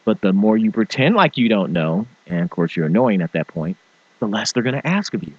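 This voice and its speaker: A man hosting a talk show, giving an animated motivational rant and mimicking people in funny voices. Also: on the low side, fairly quick, slightly rough, dry recording, highs cut off. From small-town farming family. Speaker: show host.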